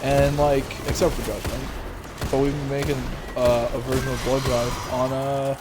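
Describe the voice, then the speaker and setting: A young man hosting his own casual talk show, rambling excitedly about games with lots of fillers. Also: medium pitch, normal speed. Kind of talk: casual solo gaming chat. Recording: noisy home recording.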